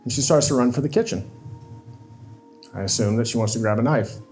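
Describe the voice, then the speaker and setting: A man's voice: medium pitch, a little fast, darkish tone, faint music behind. A man on stage telling a painful personal story, emotional and confessional, acting out the dialogue he quotes. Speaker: speaker. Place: stage at a live talk event.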